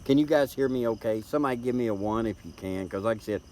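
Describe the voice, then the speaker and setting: A man's voice: mid-range voice, quick pace, mellow, slight background noise. A middle-aged man from Tennessee with a Southern accent, chatting casually and rambling as he hosts a live stream, recorded on a tablet's built-in mic. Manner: folksy, rambling, repeats words as he talks. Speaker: livestream host.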